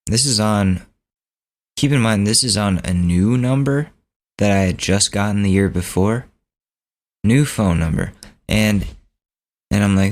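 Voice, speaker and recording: A man hosting a podcast, telling a story in a relaxed, rambling, casual way. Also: deep voice, moderate pace, long pauses. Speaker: podcast host.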